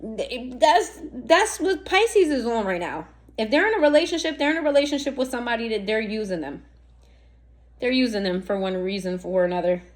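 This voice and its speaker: A woman's voice: fairly high pitch, animated, normal speed. A woman giving a casual tarot reading, blunt and profane, full of slang and rhetorical questions aimed straight at the listener. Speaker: tarot reader.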